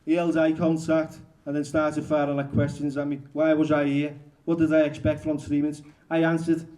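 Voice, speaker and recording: A male author reading his memoir aloud at a bookshop event, halting and correcting himself as he goes. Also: fairly high pitch, monotone, mellow. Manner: halting, restarts and self-corrections.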